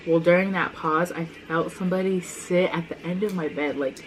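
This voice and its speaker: A woman's voice: lowish voice, steady tone, moderate pace, a little hiss or hum, poor audio. A young woman casually telling childhood stories with her sister, chatty and full of "like" fillers. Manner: chatty, many "like" fillers, laughs often. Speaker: vlogger, older sister. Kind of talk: casual storytelling chat.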